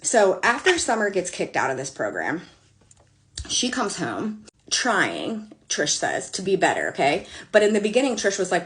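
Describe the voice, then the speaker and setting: A woman's voice: mid-range voice, big pitch swings, moderate pace, fairly bright tone. A woman in her thirties telling a long storytime with blunt, sassy, profane asides and exasperated outbursts. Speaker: storyteller vlogger. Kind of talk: casual storytime rant.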